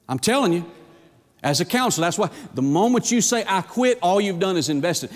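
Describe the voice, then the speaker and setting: A man with a high voice preaches a sermon, pushing his lines up hard and then dropping them low. His voice rings out through a long hall reverb in a church sanctuary. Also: expressive, fairly quick. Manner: preaching with emphatic, rising and falling delivery. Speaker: pastor.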